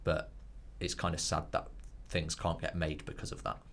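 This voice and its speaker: A man with a very low voice co-hosts a casual film podcast. He talks earnestly and often restarts his sentences as he goes. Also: flat delivery, moderate pace, vocal fry, a bit bright, a little hiss or hum. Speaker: podcast co-host.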